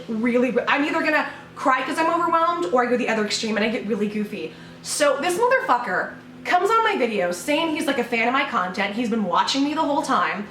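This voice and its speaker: Woman ranting sarcastic at home, pretty high voice, kinda echoey room, mic a bit far. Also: a bit bright, a little hiss or hum. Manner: sarcastic, swearing, mock-angry. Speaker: YouTuber. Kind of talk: mock-outraged sarcastic vlog rant.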